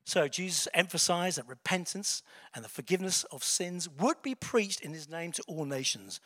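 A man's voice: on the high side, lively intonation, moderate pace, sharp tone. A man giving a sermon in a conversational way, with fillers, self-corrections and chuckling asides. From England. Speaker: preacher.

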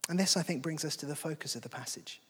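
A man's voice: a little high, fast, husky. A man preaching a sermon in a conversational, earnest way. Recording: long hall reverb.

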